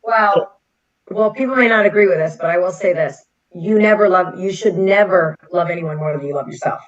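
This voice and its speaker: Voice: medium pitch, brisk, lo-fi sound. A talk show co-host chatting casually and backing the host up with frequent affirmations.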